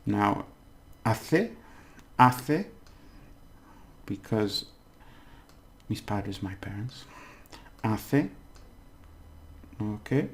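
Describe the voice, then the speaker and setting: Male tutor, casual and patient, slow delivery, gravelly tone, overpronounces example words. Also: lowish voice, animated. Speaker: language teacher. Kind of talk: casual spoken language lesson.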